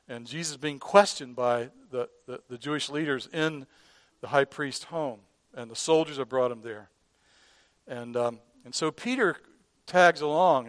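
A man preaching a sermon in an earnest way, who often repeats and restarts words and drops from loud emphasis to a hush. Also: medium pitch, no room sound. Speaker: pastor.

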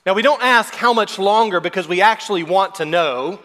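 A man in his thirties, a pastor preaching a measured, earnest sermon. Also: high-pitched, a bit bright. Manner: measured, earnest preaching with brief put-on whiny quotes.

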